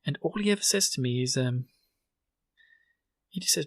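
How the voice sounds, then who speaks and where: A young man with a British accent riffs through a casual podcast recap, teasing and joking. His voice swings widely in pitch whenever he acts out lines. The sound is dry and close, with no room around it. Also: expressive, normal speed, gravelly, long pauses, fairly bright tone, dry recording. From Britain. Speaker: podcast host. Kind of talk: solo recap podcast chat.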